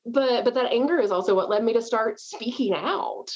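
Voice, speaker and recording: A woman's voice: a little high, moderate pace, slightly rough, dull audio. A middle-aged woman from the South, talking in a chatty, self-deprecating way at home. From American South. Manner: chatty, animated, self-deprecating with frequent laughs. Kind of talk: casual conversation.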